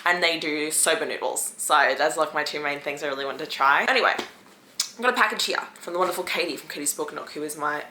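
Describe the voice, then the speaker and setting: Bright chatty young woman vlogging. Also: sits low, roomy sound, a little hiss or hum. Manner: chatty, swearing, fast bursts of talk. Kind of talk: casual vlog chat to camera.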